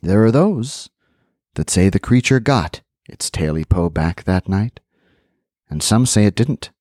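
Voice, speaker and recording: A man hosting a podcast, reading a folk tale aloud with animated storytelling and chatty asides. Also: fairly low pitch, a little slow, dry recording, studio quality.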